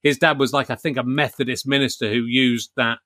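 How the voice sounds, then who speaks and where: A man from Yorkshire hosting a relaxed podcast conversation. His voice is forceful and bright, and it sounds dry, with no room sound. He comes across as chatty and self-mocking. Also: medium pitch, brisk, no room sound. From Yorkshire, England. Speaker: podcast host. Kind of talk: casual podcast chat.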